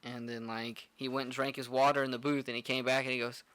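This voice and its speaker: Young male bartender, foul-mouthed rambling storyteller, bright voice. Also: medium pitch, little pitch movement, fast talker, smooth, dry recording. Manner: profane, rambling with many "like" fillers. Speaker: podcast co-host, bartender. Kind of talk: casual storytelling chat.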